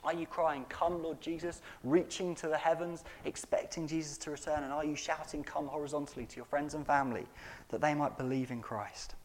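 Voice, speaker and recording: A man preaches from the pulpit with a voice pitched a little high. He leans hard on key words, swings from near-shouts to quiet lines and keeps pressing the congregation with questions. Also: fairly even intonation, fairly quick. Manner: emphatic, wide swings between loud and soft; asks the congregation rhetorical questions. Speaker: pastor. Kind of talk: sermon.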